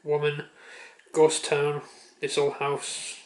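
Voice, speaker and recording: A man's voice: on the high side, completely flat delivery, slow pace. A man vlogging at home, chatting offhand with a handheld camera, muttering and swearing casually. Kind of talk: casual chat.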